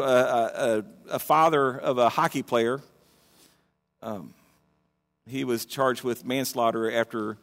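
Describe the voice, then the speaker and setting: A man preaching a sermon in a conversational, animated way, often restarting his phrases. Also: mid-range voice, creaky. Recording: long reverb of a large hall.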